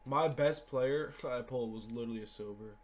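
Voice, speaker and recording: A young man giving gaming commentary as he opens card packs, swinging between hyped shouts and deflated mumbling. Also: mid-range voice, brisk, slight background noise. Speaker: gaming YouTuber. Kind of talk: pack-opening commentary.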